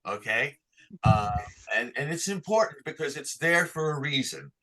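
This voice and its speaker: A man's voice: fairly high pitch, lively intonation, normal speed, bright, forceful tone. A man teaching Torah cantillation online, patiently explaining each sign and singing short chant examples for the class to repeat.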